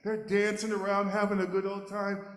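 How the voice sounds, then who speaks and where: A man telling a folk tale to a live audience, animated and playful, often chuckling. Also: on the high side, normal speed. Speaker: storyteller. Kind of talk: live storytelling. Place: large hall at a live event. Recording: echoey hall, live audience.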